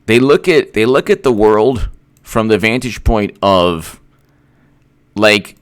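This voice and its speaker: Sarcastic, lively political commentator man. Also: fairly low pitch, slow pace, smooth. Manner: sarcastic, rambling with restarts. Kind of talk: casual commentary monologue.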